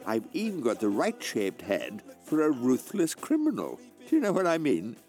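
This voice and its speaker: A Scottish man narrating a scripted comedy in a deadpan, self-important way. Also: medium pitch, moderate pace, soft background music. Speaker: actor narrating his own story. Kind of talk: scripted comedy monologue and dialogue.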